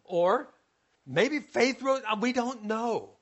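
A man's voice: very high voice, slow, lo-fi sound. A male preacher giving a sermon, retelling a scripture story and acting out its scenes. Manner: storytelling, acts out scenes, animated.

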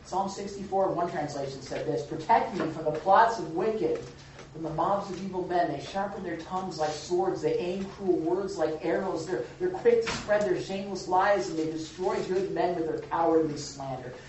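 A man leading a church Bible study, animated and joking, who acts out the quotes he reads. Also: sits high, moderate pace, a little hiss or hum. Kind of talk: church teaching with group discussion. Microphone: room mic from a distance. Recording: echoey hall, far from the mic.

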